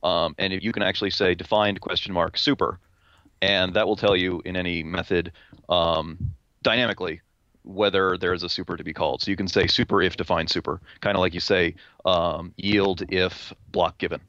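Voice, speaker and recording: Very low-voiced man, halting tech talk. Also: steady tone, sharp tone, no echo, dull audio. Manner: halting, many restarts and fillers. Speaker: podcast panelist. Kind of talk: casual technical discussion.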